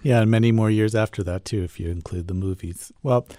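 A man's voice: on the low side, fairly quick, mellow, no echo, clean studio sound. A man interviewing a guest, asking questions in a curious, slightly hesitant way.

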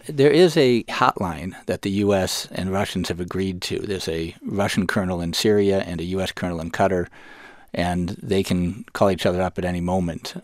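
A man's voice: deep voice, no echo, studio quality. A man, a newspaper reporter, explaining events in a radio interview and often correcting himself mid-sentence. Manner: explanatory, with frequent self-corrections.

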